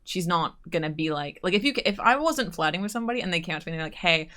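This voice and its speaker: A woman's voice: lowish voice, animated, very fast, fairly bright tone. A woman co-hosting a podcast in casual chat, teasing her co-host and giving dating advice. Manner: teasing, joking, gives advice.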